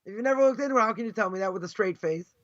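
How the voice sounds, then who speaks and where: A man's voice: sits high, very fast, a bit bright, lo-fi sound. A man teaching as a rabbi in a live class, pressing his points with scornful rhetorical questions. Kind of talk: live Torah lecture.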